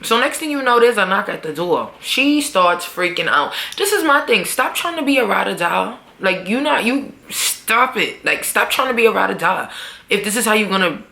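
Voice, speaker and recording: A young woman breaks down a TV episode in casual, slang-heavy talk, swearing and scolding the characters as she goes. Her voice is bright and lively, jumping up and down in pitch. The room around her rings with echo. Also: normal speed, gravelly. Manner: animated, swearing, slangy, talks back to characters. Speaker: vlogger reviewing a TV episode. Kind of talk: casual recap with acted quotes. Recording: echoey room.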